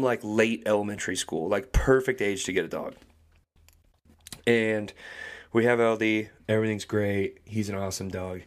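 A young adult man co-hosting a podcast, telling a story casually and acting out the people in it. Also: lowish voice. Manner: animated storyteller, acts out quoted voices. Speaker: podcast co-host.

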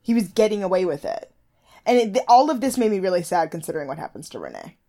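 A young woman co-hosting a casual recap podcast, animated and laughing often. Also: quick pace. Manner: animated, laughs often, jumps to high squeals when mimicking. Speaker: podcast co-host. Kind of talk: casual chat.

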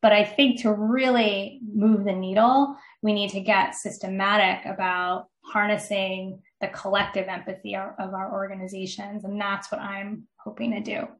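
A woman's voice: medium pitch, level tone, normal speed, hardly any pauses, reverberant. A middle-aged woman, a podcast guest, telling a personal story earnestly with many fillers. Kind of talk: storytelling in an interview.

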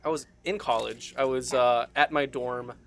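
A man's voice: medium pitch, steady tone, moderate pace, fairly bright tone. A young man, a podcast host, telling a crude college story in casual, laid-back chat.

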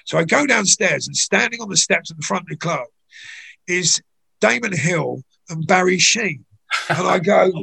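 An older English man spins anecdotes in a loose, chatty way. His voice sits fairly high for a man, with a gravelly crackle and a husky, unclear edge. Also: brisk, a bit bright. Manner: chatty, anecdotal, many "you know"s. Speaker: guest. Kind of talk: conversational storytelling.

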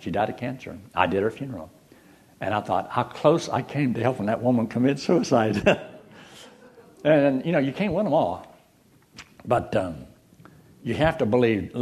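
An older man preaching a sermon, telling folksy stories and jokes between Bible verses. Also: mid-range voice. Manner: folksy, animated storyteller with jokes. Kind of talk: sermon with storytelling.

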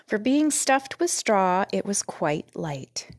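A woman narrating a children's book in a calm, measured reading voice. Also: mid-range voice, dry recording, studio quality. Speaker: storyteller.

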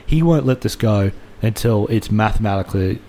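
Low mellow man in rambling football chat. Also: normal speed. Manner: earnest, rambling, many restarts and fillers.

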